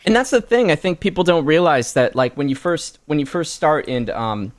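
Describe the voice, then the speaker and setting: A man's voice: fairly high pitch, expressive, moderate pace, slight background noise. A young man hosting a casual live stream, chatty and trailing off with fillers. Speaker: streamer and host.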